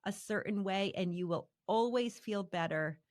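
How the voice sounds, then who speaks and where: A woman's voice: medium pitch, normal speed, darkish tone. A woman hosting a podcast, talking in an earnest, conversational way with her guest. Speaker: podcast host. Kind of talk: casual conversation.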